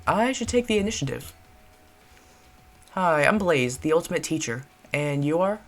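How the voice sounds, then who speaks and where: A man's voice: on the high side, expressive, normal speed, fairly bright tone. A man reading the lines of a young male teacher character in a friendly, direct, everyday voice. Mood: eager. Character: young male teacher, eager to take initiative. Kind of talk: reading a visual novel aloud.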